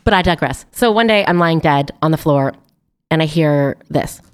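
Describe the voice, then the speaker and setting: A young adult woman telling a lively story to a host in a casual chat, laughing often. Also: low-pitched, normal speed, clean tone. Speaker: guest. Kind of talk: casual anecdote.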